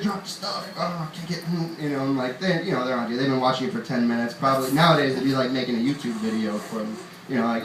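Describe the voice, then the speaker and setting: A man's voice: mid-range voice, steady tone, fast talker, hardly any pauses. A young man from upstate New York doing a stand-up comedy set on a club stage, rambling and chuckling at his own jokes. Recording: roomy club sound, far from mic, audience noise.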